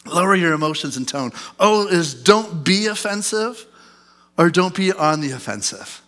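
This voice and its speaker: A man's voice: a little high, big pitch swings, moderate pace, fairly bright tone. A man in his thirties, a pastor preaching a sermon in a conversational storytelling way, often asking the congregation questions.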